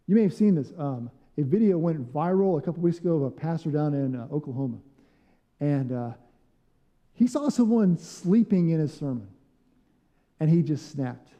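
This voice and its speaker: Pastor preaching in a reverberant church. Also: male voice, fairly high pitch. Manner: animated storytelling with acted quotes. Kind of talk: sermon. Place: church sanctuary.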